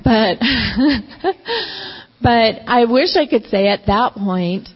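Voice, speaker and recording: A woman's voice: a little high, big pitch swings, very slow, husky. A pastor's wife giving an emotional, candid personal testimony, acting out her own past outbursts. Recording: reverberant hall, dull lo-fi sound.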